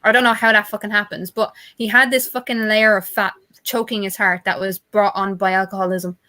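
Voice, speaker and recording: A woman's voice: medium pitch, little pitch movement, fairly quick, bright, forceful tone. A woman chatting casually on a call-in stream, blunt and full of swearing. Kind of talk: casual chat.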